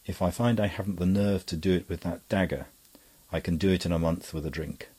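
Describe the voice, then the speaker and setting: A man voicing an icy, proud gentleman. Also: low-pitched, fairly even intonation, brisk, breathy edge. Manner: icy and clipped.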